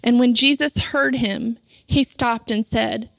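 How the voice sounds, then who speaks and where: A woman's voice: fairly high pitch, fairly even intonation, takes it slowly, creaky, a bit bright, no echo. A woman preaching a sermon, retelling scripture and rising to impassioned, fervent cries.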